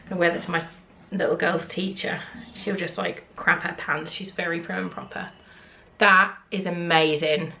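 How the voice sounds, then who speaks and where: A British woman vlogging a casual unboxing in her kitchen at home, excitable and full of gasps, squeals of delight and frequent swearing. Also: on the low side, normal speed, a little hiss or hum.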